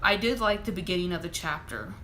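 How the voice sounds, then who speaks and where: A woman's voice: lowish voice, a bit bright, a little hiss or hum. A woman author reading a chapter of her own novel aloud, then chatting casually about it. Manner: brisk narration, chatty asides. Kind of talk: live reading and casual chat.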